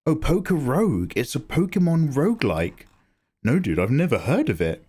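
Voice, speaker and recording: A man's voice: fairly high pitch, moderate pace, slightly rough. A young man casually chatting on an art livestream, theatrical and grumbling, with swearing. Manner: animated, theatrical complaining with swearing.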